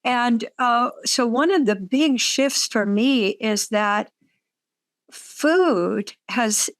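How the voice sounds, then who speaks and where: A woman hosting a reflective conversation, speaking thoughtfully and giving soft affirmations. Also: a little high, extremely slow, no echo.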